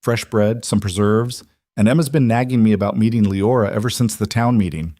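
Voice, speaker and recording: A man voicing a friendly, neighborly frontier mother in a storybook western, speaking brightly. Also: lowish voice, brisk, no echo, clean studio sound, natural voice. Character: friendly frontier mother, warm and cheerful woman.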